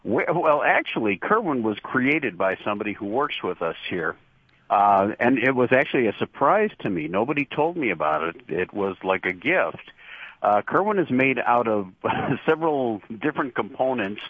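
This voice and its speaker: A middle-aged man, a horror show host giving relaxed, chatty interview answers and laughing easily. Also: mid-range voice, moderate pace, slightly rough, no room sound. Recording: dull lo-fi dry line.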